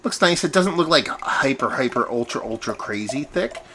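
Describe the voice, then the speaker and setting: Medium-pitched and speaking at a normal speed, the man is heard over background noise. He hosts a home beer review vlog indoors, and his style is rambling, chatty, animated and self-mocking.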